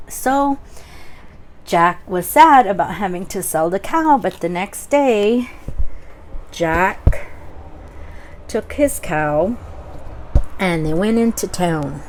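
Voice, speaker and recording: A young adult woman telling a children's story aloud, slowly and expressively, with many pauses. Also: mid-range voice, lively intonation, slight background noise. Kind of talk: oral storytelling for kids.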